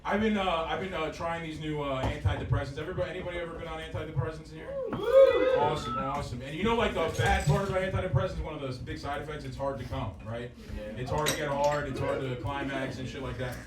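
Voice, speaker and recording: A man's voice: on the high side, fast. A man doing a crude, rambling, self-mocking stand-up comedy set, heard from a distance in an echoing club with the crowd laughing. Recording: roomy club sound from far off with crowd laughter.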